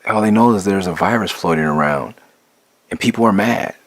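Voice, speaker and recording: A man's voice: low voice, fairly quick, no echo. A middle-aged man giving a blunt, profane, impassioned spoken monologue, restarting and building in intensity. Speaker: rapper sharing his views.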